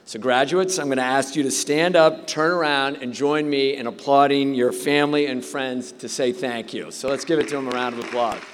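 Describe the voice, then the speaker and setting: A man's voice: medium pitch, fairly even intonation, normal speed, few pauses, slight background noise. A middle-aged man giving a commencement speech, telling joking stories at his own expense. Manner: joking storyteller, self-deprecating. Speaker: commencement speaker. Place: large hall at a graduation. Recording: long reverb of a large hall.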